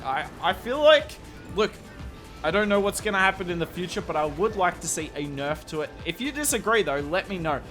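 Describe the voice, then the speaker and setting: A young Australian man commentates a game replay for a strategy video, chatty and candid with self-deprecating asides. His voice sits high and sounds sing-song and a bit bright, moving a little fast over faint background music.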